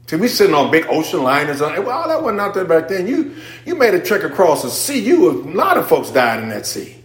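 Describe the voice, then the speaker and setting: Preacher, man, fairly high voice, dynamic delivery from hushed to loud, echoey sanctuary. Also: wildly swooping pitch, fairly quick. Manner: dynamic preaching, swinging from hushed to near-shouting; informal, conversational asides with the congregation. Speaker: pastor. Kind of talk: sermon. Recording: echoey church room.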